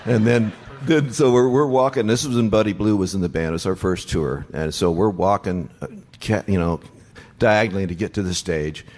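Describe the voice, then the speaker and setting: A man in his sixties telling band road stories on stage before an audience, animated and acting out the voices of people in his stories. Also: on the low side, normal speed. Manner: animated storyteller, acts out quoted voices. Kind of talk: onstage storytelling panel.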